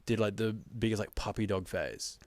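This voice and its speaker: A man's voice: lowish voice, fairly even intonation, moderate pace, a little mellow, no room sound. A young Australian man co-hosting a podcast, telling a travel story in a rambling, casual way, full of fillers and acted-out quotes. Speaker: podcast co-host. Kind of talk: casual chat.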